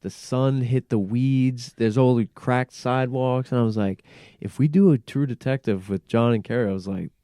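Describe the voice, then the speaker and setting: A man hosting a casual in-studio podcast conversation, animated, peppering his talk with swearing and "like.". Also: medium pitch, normal speed, clean tone, no room sound. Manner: animated, frequent swearing and filler "like". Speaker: podcast host.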